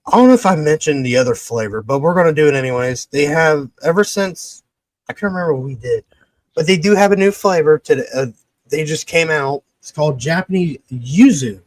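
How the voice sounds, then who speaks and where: A podcast host rambling through a sponsor read in a slightly high voice, swearing and stumbling as he goes. His mic sound is close and dry, with no room around it. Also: lively intonation, brisk, no echo.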